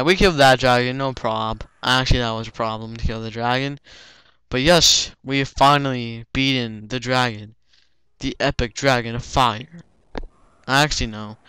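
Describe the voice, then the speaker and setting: A man's voice: mid-range voice, pushed and bright, clean tone, no echo. A young man giving casual let's play commentary, rambling with lots of fillers like "like" and "you know.".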